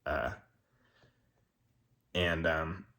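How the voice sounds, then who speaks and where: A man with a very low voice talks to the camera in a loose, rambling monologue. He is candid and swears freely as he thinks aloud. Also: steady tone, very slow, bright, forceful tone. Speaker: vlogger. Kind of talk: casual reflective monologue.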